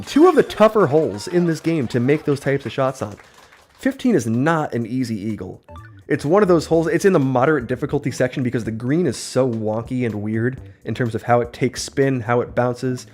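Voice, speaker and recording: A man narrating his own game live in a quick, excitable play-by-play, his voice a touch worn from a long session. His pitch sits in an ordinary middle range. Faint game music hums underneath. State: voice slightly worn. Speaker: livestreamer. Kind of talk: live gameplay commentary.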